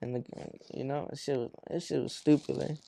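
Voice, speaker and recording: A man from Arizona, a rapper guesting on an interview, tells long stories in profane street slang packed with fillers, acting out the voices of the people in them. His medium-pitched voice is steady, warm and fairly quick, with some vocal fry. The recording has no room sound.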